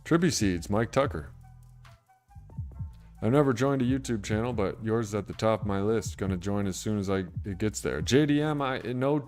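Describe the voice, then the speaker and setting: A man hosts a casual livestream about sobriety, chatting in a laid-back, rambling way and answering comments from viewers. His voice is fairly low with a darkish tone.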